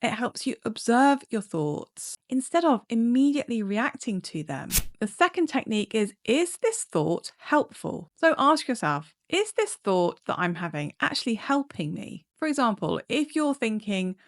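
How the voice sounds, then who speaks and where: Calm higher-pitched woman psychologist explaining. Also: moderate pace, hardly any pauses. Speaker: clinical psychologist. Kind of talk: instructional talk to camera.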